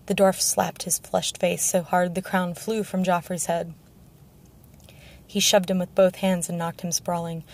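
A woman narrating a fantasy audiobook, her voice low and gravelly with very little rise and fall. She reads in a steady, measured way. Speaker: audiobook reader.

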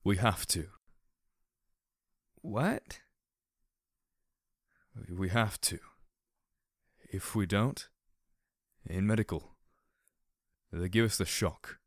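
A battered young stallion, as a man voices him speaks softly and pleadingly in a low voice. His words come quiet and hushed. The sound is dry and close. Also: extremely slow, pauses often, dry recording. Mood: frightened. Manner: soft, begging, near whisper. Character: frightened, beaten young male pony stallion.

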